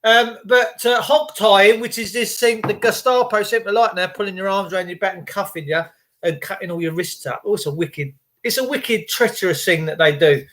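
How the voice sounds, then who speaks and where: Bright high-voiced man ranting. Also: moderate pace. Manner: rambling, indignant, greets viewers by name. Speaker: livestream host. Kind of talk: casual livestream rant.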